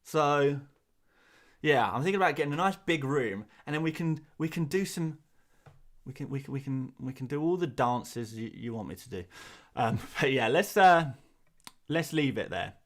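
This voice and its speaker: A man's voice: medium pitch, lively intonation, normal speed. A man with an English accent, hosting a live stream and answering viewers in a rambling, self-deprecating way, often repeating words, from a small cupboard-like room. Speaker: host.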